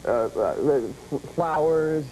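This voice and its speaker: A man's voice: on the high side, expressive, slow pace, mellow, poor audio. A man co-hosting a morning TV show who chats casually and hesitates as he searches for words. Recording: hissy old VHS TV broadcast.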